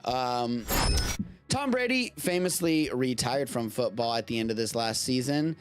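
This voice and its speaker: A man in a casual live-stream, talking at a middle pitch over a desk mic. He rambles, stops himself mid-thought and swears offhandedly, and faint music sits behind him. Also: animated, unhurried. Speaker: live-stream show host.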